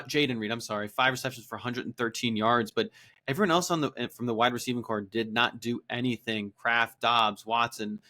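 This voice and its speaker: A man's voice: mid-range voice, a bit bright. A man co-hosting a podcast, recapping fantasy football games in an upbeat, enthusiastic way. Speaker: podcast co-host. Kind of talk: casual fantasy football chat.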